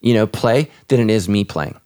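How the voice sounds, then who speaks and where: Earnest pastor, lowish voice. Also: male voice, lively intonation, normal speed, a little mellow. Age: adult with children. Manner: earnest, repeats words and restarts often. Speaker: pastor and podcast host. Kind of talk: casual podcast conversation.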